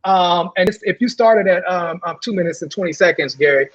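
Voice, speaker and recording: Woman, podcast co-host, casual chat, halting with fillers, dull lo-fi audio. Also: on the low side. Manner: hesitant, many fillers and restarts. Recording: dull lo-fi sound.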